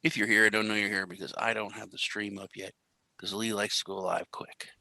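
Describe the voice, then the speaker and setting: A man's voice: lowish voice, little pitch movement, fairly quick, gravelly, pushed and bright, no echo, poor audio. Rambling jokey male crypto streamer. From US Central Time Zone. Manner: rambling, jokey, self-deprecating. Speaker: crypto show host. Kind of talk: casual live-stream chat.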